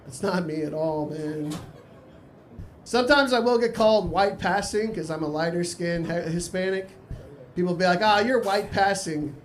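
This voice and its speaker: A man from Texas works a small cafe stage, his voice sitting fairly high for a man. He talks in a dry, offhand way and drops crude asides casually. A faint hum of room noise sits behind him. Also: moderate pace. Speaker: stand-up comedian. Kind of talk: live stand-up set.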